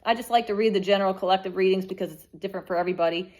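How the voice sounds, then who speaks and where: A woman's voice: mid-range voice, racing, a little mellow. Blunt, profane woman reading tarot. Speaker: tarot reader.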